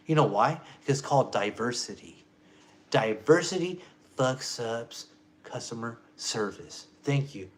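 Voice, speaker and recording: A man vlogging to camera goes on a profane, emphatic rant, swinging between loud jabs and low mutters.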